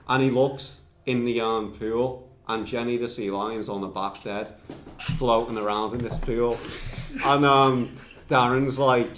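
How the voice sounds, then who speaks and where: A man's voice: medium pitch, fairly even intonation, unhurried, fairly bright tone, echoey room, a little hiss or hum. A man telling a long comic tale in a podcast, rambling and swearing with lots of fillers. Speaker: storyteller. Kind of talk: comedic storytelling podcast.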